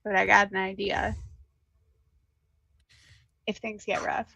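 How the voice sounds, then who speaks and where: A woman playing a tabletop game, speaking hesitantly with many pauses and ums. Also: medium pitch, flat delivery, vocal fry, pushed and bright, no echo. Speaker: player.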